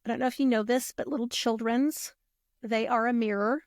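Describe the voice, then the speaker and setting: A woman guest on a podcast, telling stories in a lively, casual way, acting out what people said and swearing freely. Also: on the high side, brisk, no echo, studio quality. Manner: animated, acts out quoted voices, swears freely. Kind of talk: casual storytelling.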